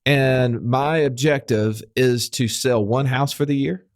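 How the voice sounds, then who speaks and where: A podcast host with a mid-range voice takes his time explaining finance ideas through rhetorical questions in a casual chat. The audio is studio quality with no echo.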